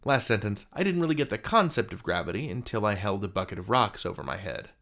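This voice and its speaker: Animated, lively-voiced man teaching vocabulary. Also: on the low side, fast. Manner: animated, jokey, theatrical. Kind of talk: playful scripted lesson.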